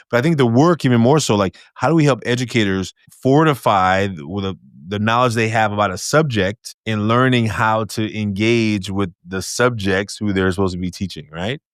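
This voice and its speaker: A male podcast host with a low, smooth voice speaks reflectively. He thinks aloud and checks in with his guest. The recording is dry and close. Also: fairly quick, hardly any pauses, no room sound. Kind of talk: casual podcast conversation.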